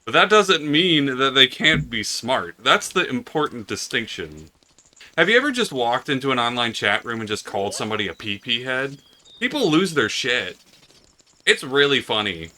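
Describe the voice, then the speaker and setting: A young man co-hosting a game playthrough, swearing freely and telling stories in a sardonic, animated way. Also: mid-range voice, normal speed. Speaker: let's play co-host. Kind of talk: casual gaming chat.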